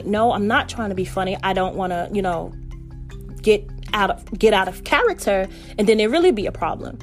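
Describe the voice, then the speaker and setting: A woman's voice: mid-range voice, lively intonation, brisk, faint music behind. A woman vlogger telling an earnest devotional story and calling her viewers family. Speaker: faith vlogger.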